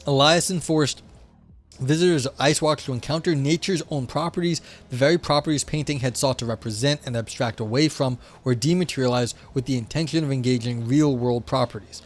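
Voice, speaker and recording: Reading a philosophy text on his livestream, this American man from south of the New England area chats with viewers and reacts to their messages, using many fillers. He talks a little fast in a mid-range voice, with faint music behind him.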